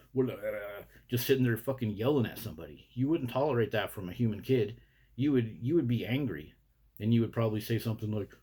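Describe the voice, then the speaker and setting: A man's voice: on the low side, darkish tone, husky. A man delivering a blunt, indignant, profanity-laced rant to camera as a vlogger. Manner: blunt, indignant, heavy swearing.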